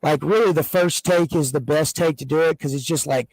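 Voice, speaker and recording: A man co-hosting a casual podcast chat, telling stories in an excitable, rambling way with many restarts. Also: a little high, brisk, vocal fry, no room sound, low-quality recording. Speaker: co-host.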